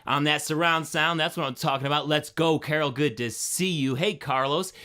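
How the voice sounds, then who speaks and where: A man hosting a live stream, energetic and friendly, greeting chat viewers one by one by name. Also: on the high side, moderate pace.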